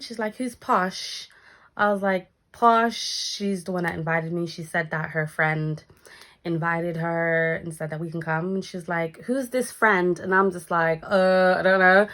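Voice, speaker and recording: Animated woman telling a story. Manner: animated, acts out quotes with big pitch jumps. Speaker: vlogger. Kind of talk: casual storytime chat.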